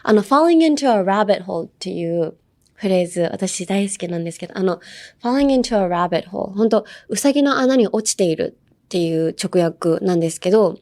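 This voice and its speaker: A young woman talks through English phrases in a loose, chatty lesson, full of fillers and playful asides. She drifts between English and Japanese as she explains. Her pitch sits in the middle for a woman's voice. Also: lively intonation, racing, darkish tone. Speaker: English teacher host. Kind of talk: casual language lesson.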